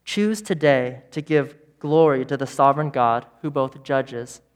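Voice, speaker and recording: A man preaching a sermon as pastor, emphatic, with repeated phrases and dramatic pauses. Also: medium pitch, animated. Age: adult parent of young children.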